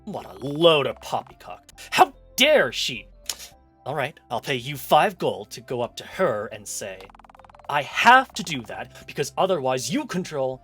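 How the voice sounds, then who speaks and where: A streamer voicing a pompous, blustering married man who huffs in indignation in an indie game, with a lively, swooping delivery. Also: mid-range voice, moderate pace, faint music behind. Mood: indignant. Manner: indignant, huffy exclamations.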